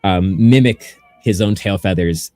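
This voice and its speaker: A man acting as game master, narrating a tabletop game in a relaxed way full of fillers. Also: deep voice, measured pace, no echo.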